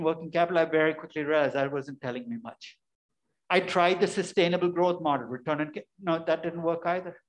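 A man giving a classroom lecture, emphatic and conversational, often asking questions and answering them himself. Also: on the high side. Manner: emphatic, asks and answers his own questions. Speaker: finance lecturer.

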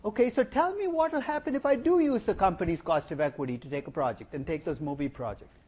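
A middle-aged man giving a university finance lecture, animated and playful, asking the class rhetorical questions. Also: high-pitched, fast, husky. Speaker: finance professor. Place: lecture hall.

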